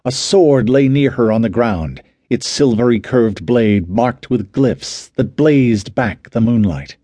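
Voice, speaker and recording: A man narrating an audiobook at an unhurried pace. His low voice is dark and husky. The sound is dry and close. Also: lively intonation, no room sound. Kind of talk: scripted narration.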